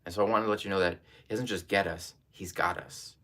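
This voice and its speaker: Earnest low-voiced male preacher. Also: fairly even intonation, brisk, sharp tone, a little hiss or hum. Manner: earnest, repetitive emphatic phrasing. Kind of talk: live online sermon.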